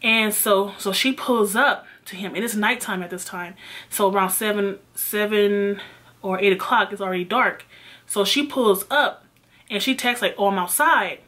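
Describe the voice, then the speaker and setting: A young woman vlogger retelling a personal story in an animated, emphatic way, swearing often. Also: medium pitch, normal speed. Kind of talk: storytime vlog.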